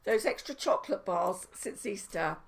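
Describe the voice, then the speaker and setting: A woman's voice: medium pitch, expressive, moderate pace. A middle-aged woman vlogging in casual chat to camera, chatty and self-mocking, laughing at herself often.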